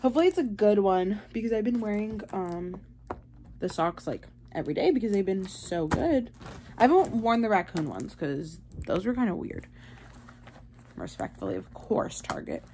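A woman's voice: medium pitch, big pitch swings, normal speed, dark tone, a little hiss or hum. A young woman, chatting playfully to the camera in a casual vlog. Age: young adult. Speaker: vlogger.

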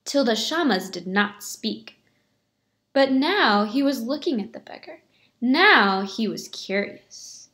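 A woman teacher reading a picture book aloud to her pupils, in a clear storytelling manner. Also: a little high, expressive, slow, fairly bright tone.

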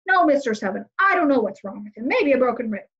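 A woman's voice: fairly high pitch, fairly quick, lightly acted. A woman reading aloud, voicing an arrogant, impatient fairy-tale prince who speaks coldly and curtly. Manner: cold, curt and commanding. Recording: slightly muffled lo-fi recording.

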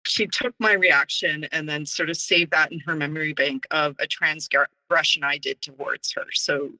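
A woman guest in an interview, telling a personal story in a lively way and acting out what others said. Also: deep voice, vocal fry, poor audio. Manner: animated, acts out quoted dialogue.

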